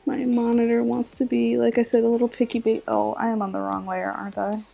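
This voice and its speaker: A woman chatting casually with viewers while drawing on a live stream, her voice a little scratchy and groggy, relaxed and laughing often as she focuses on her work. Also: a little high, brisk, gravelly, slightly rough. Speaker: art streamer.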